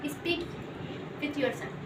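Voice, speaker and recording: A young woman with an Indian English accent, a senior student earnestly giving speaking tips to younger classmates, with many fillers. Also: slow pace. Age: young adult. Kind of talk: classroom talk to juniors. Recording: distant, echoey, loud room noise.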